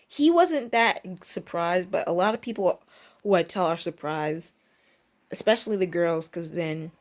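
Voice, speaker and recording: A young woman vlogs a story in a loose, rambling manner, often interrupting herself and starting sentences over. When she mimics people, she does it in high, squeaky bursts.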